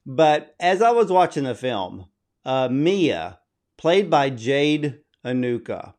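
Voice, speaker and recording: A man's voice: medium pitch, very animated, slow pace, a little mellow. A man interviewing a film director, effusive and admiring in his questions. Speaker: interviewer, host.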